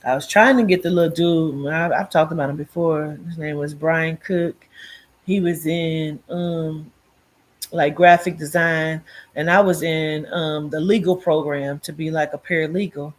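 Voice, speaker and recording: A woman telling her own life story in a casual, animated way, cursing freely and acting out what people said. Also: low voice, a little slow. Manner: profane, blunt and animated, acts out quoted speech; addresses listeners directly as "child" and "girl".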